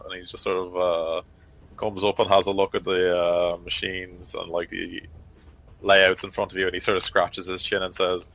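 Brief: game master, very low voice, rambling and casual in his narration. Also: little pitch movement, moderate pace, fairly bright tone, no room sound, poor audio. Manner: loose, rambling narration full of fillers.

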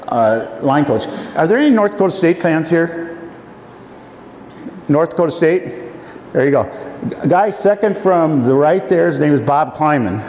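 A man in his seventies, from Iowa, telling folksy personal stories to an audience, often pausing with "uh.". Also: on the high side, darkish tone. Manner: folksy, halting with many fillers. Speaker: speaker. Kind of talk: storytelling talk to an audience. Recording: echoey hall, faint room noise.

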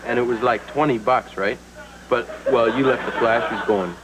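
An actor with a Canadian accent playing a goofy host of a small talk show who rambles with lots of "like" and "eh". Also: male voice, mid-range voice, steady tone, normal speed, noisy background, close to an everyday voice. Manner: giggly, rambling, filler-heavy.

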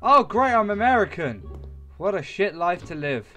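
A man's voice: high voice, very animated, moderate pace, bright, forceful tone, faint music behind. A young man commentating a video game, swearing and exclaiming as he rambles along. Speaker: gamer. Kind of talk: let's play commentary.

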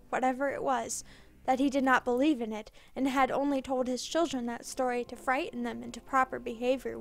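A woman narrating a scripted story in a measured, dramatic reading. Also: a little high.

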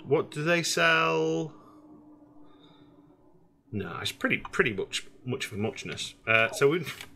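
A man's voice: medium pitch, pushed and bright. A man giving casual, rambling let's-play commentary on a space game, full of hesitations. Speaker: gaming streamer.

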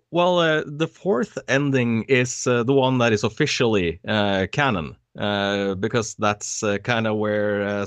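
A man's voice: medium pitch, a bit bright, no echo. A man being interviewed about his voice acting work, talking casually with many hesitant fillers and frequent laughs. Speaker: voice actor guest.

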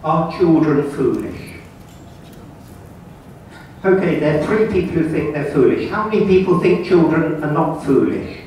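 A man with a somewhat high voice lectures a club audience, earnest and questioning. He stands far from the microphone in a very echoey room, with a faint hiss underneath. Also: expressive, fairly quick, hardly any pauses, darkish tone. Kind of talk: public talk to an audience.

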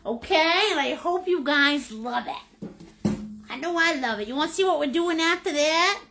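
A woman's voice: high voice, animated, normal speed. A woman with a Maine accent, teaching a live painting lesson in a chatty, jokey, upbeat way. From United States. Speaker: painting instructor.

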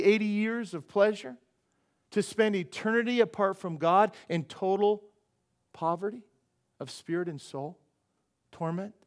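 A high-pitched man delivering an emphatic sermon from the pulpit. He keeps asking the congregation questions and slips into voices for the people in the passage he reads. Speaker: pastor.

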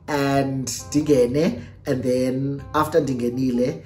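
A young adult YouTuber with a South African accent, telling a story in a lively storytime vlog and switching between English and Xhosa. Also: medium pitch, normal speed. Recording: roomy echo with faint music.

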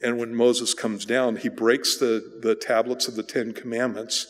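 A man's voice: medium pitch, little pitch movement, a little slow. Casual man preaching in a reverberant hall. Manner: casual, rambling with restarts and fillers. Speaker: pastor. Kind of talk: conversational sermon. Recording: church hall with long reverb.

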